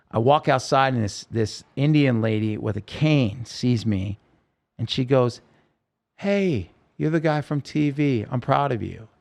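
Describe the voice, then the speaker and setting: A man telling his own story in a podcast interview, earnest and halting, with many restarts. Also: fairly low pitch, creaky, darkish tone.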